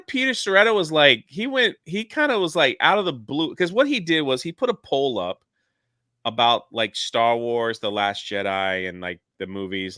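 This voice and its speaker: Bright, animated man telling a story. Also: medium pitch, no echo, clean studio sound. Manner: animated, jumps into quoted voices. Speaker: YouTuber guest. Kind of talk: casual storytelling on a livestream. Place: lives near a theme park in Florida.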